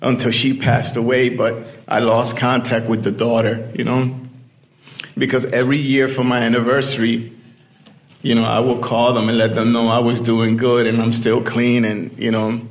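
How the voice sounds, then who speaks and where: A man's voice: medium pitch, flat delivery, normal speed. A man telling a personal story in a casual, rambling way, full of "you know" fillers.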